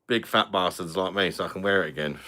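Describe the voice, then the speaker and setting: A British man hosting a relaxed live stream, talking over drinks and reading out comments from viewers. His voice sits low, yet it has a bright, forceful edge. He chats loosely and swears freely. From London. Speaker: beer review channel host. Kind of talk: casual live-stream chat.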